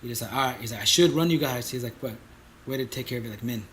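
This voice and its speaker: A man's voice: medium pitch, rapid-fire, heavy background noise. A young man co-hosting a podcast, telling stories in casual slang and acting out what people said. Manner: animated storyteller, slangy, acts out quotes. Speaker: podcast co-host. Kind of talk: casual chat, storytelling.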